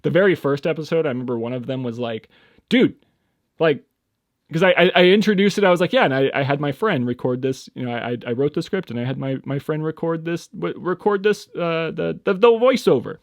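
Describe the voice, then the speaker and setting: A young man hosting a casual solo podcast, rambling and hesitant, full of fillers and restarts, with sudden high-pitched bursts. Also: animated, a little fast, vocal fry, no echo. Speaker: podcast host.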